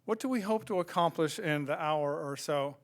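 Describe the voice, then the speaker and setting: A man's voice: on the high side, moderate pace. An older American man giving a public lecture in a reflective, conversational way, with frequent fillers. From United States. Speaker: guest lecturer. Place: lecture hall.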